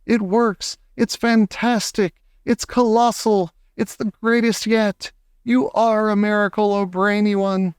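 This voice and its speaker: A man's voice: sits high, a little slow, clean tone, no echo, clean studio sound, voice pushed up. A man doing fawning cheering witches. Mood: adoring. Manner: gushing excited cheers. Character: crowd of adoring fawning witches.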